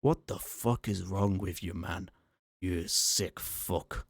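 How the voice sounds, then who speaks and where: A man's voice: low-pitched, slow pace, gravelly, no echo, clean studio sound, exaggerated voice. A man doing a snarling Scottish mascot robot. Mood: enraged. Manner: snarling, menacing and profane. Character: furious foul-mouthed male mascot robot.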